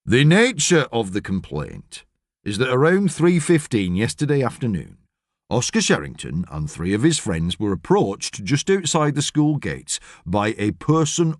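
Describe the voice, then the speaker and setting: A man playing a slow, officious police constable. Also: on the low side, no echo, clean studio sound. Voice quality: measured, deliberate, officious. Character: stolid middle-aged male police constable.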